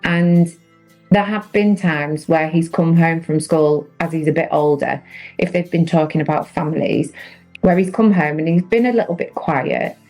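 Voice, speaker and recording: Earnest woman, low voice, soft music. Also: normal speed, rough recording. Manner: earnest, reflective storytelling. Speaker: podcast guest. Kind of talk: candid personal conversation.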